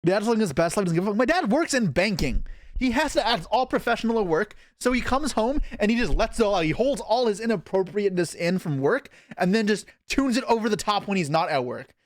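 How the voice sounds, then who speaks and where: Young canadian guy rambling on stream, kinda high voice, dead dry mic. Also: animated, a little fast, dry recording. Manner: rambling, self-deprecating, reading chat aloud. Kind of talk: casual live-stream chat.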